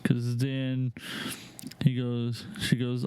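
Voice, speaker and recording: A man hosting a casual online reaction show, with a smooth, clear voice. He talks at an unhurried, deliberate pace as he reads messages aloud, then jumps into high-pitched cries of disgust. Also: steady tone, darkish tone. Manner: reads texts aloud slowly, breaks into high disgusted exclamations. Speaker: show host reacting to videos.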